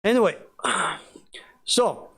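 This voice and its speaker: Male gaming streamer, high voice, rambling and excitable, curses freely. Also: very slow, vocal fry, slightly rough. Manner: rambling, excitable, swears a lot. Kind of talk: casual live-stream chat.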